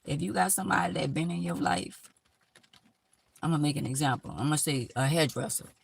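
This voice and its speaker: A woman's voice: deep voice, a little fast, gravelly, slightly rough. A woman hosting a live stream, giving blunt, emphatic life advice in a casual, preachy way.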